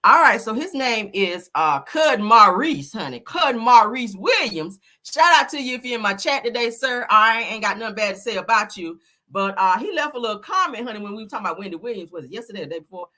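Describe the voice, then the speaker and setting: A bright, lively woman dishes celebrity gossip in sassy, profane, casual chat. She swoops up and down in pitch and acts out the people she talks about. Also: brisk.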